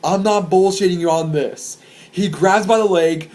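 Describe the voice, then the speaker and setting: Young male vlogger with a slightly high voice. Rambles through crowd stories, swears freely and gets excited. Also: moderate pace. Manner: excitable, profane, rambling with restarts. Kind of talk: casual storytelling to camera.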